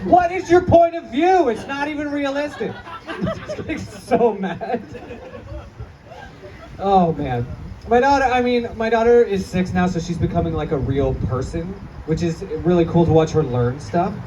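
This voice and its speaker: This stand-up comedian, a man in his thirties, delivers crude jokes at his own expense and laughs as he hits each punchline. He speaks in a high-pitched, animated voice at a measured pace. It's recorded from a distance in a comedy club, with crowd laughter and chatter around him.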